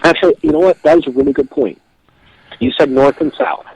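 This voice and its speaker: A man co-hosting a casual political podcast, blunt and profane, swinging from loud outbursts to low asides. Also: sing-song, brisk, gravelly, slightly rough, muffled recording. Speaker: podcast co-host.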